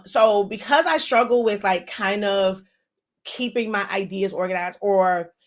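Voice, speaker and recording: A woman in her thirties, an online design instructor, giving a casual, chatty lesson, talking fast with laughs between phrases. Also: mid-range voice, a bit bright. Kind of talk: casual teaching talk.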